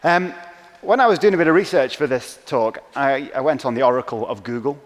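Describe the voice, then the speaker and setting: A man preaching a sermon in a church, relaxed and conversational, often ending his points with tag questions. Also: mid-range voice, brisk. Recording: church hall reverb.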